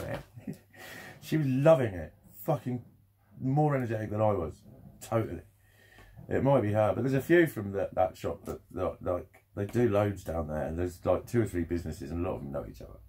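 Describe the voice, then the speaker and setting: A man's voice: lowish voice, dark tone, breathy edge. A young man talking candidly in a rambling, sweary vlog monologue, laughing often.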